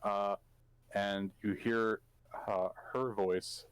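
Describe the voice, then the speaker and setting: Low, dry male game master; halting narration, plenty of fillers. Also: no room sound. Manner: hesitant, full of fillers.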